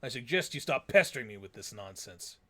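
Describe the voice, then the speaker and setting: A man voicing a gruff, rude man who is curt and dismissive. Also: mid-range voice, animated, a little fast, pushed and bright, pitched below the performer's own voice. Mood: hostile.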